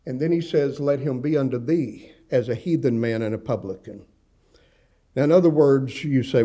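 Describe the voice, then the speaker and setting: Folksy male pastor, mellow voice. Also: medium pitch, moderate pace. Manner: folksy, conversational preaching with asides and humor. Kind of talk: sermon.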